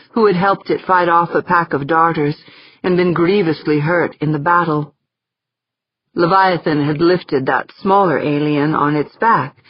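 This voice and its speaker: A woman narrating a science-fiction audiobook in a measured, steady storytelling manner. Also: deep voice, husky, no echo. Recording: slightly dull, dry audiobook recording.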